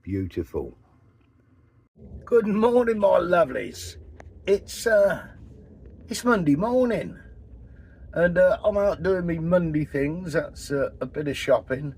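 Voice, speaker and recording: A man in his sixties, from England, ranting in a casual vlog, blunt and full of swearing, with a husky voice. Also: high voice, animated, a little slow, darkish tone. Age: 60s. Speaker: vanlife vlogger. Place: in and around a camper van, partly outdoors.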